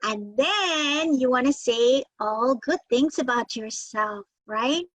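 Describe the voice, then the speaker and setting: Slow, high-voiced woman leading a kids' class. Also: lively intonation, a bit bright. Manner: encouraging, repeats affirmations for children to echo. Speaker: children's workshop leader. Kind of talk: guided tapping and breathing lesson for kids. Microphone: video call.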